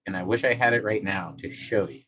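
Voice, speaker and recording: A man's voice: lowish voice, a little fast, fairly bright tone, a little hiss or hum, poor audio. A man on a casual live stream, reading viewer messages aloud and talking to his cat in a loose, profane way. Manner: chats to his cat between comments.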